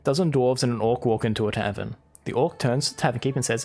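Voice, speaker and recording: Brief: male streamer, mid-pitched voice, reads on-screen game text with wry remarks, soft game music underneath. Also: animated, quick pace, creaky, hardly any pauses. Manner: wry, reads dialogue aloud with asides. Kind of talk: live gameplay commentary, reading game text aloud.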